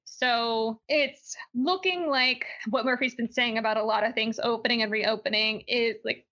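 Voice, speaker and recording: A young woman with a faint Southern accent chats through the week's news as a podcast co-host. Her voice sits a little high and sounds bright and forceful, opinionated and quick to laugh. The audio is dull and lo-fi. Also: steady tone. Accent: slight Southern. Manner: chatty, laughs often, opinionated. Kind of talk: casual news chat.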